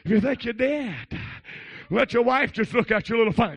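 A male preacher giving a fervent holiness sermon, shouting and calling out to the congregation. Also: very high voice, expressive, brisk, breathy edge, dry recording. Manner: exclaims, shouts and calls out to the congregation.

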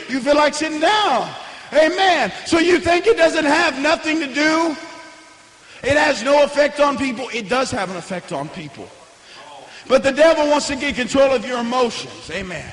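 A young man preaching a fiery revival sermon in a church, hollering and swinging between hushed lines and shouts. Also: extremely high pitch, slight background noise. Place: church sanctuary. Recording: echoey church hall with long reverb.

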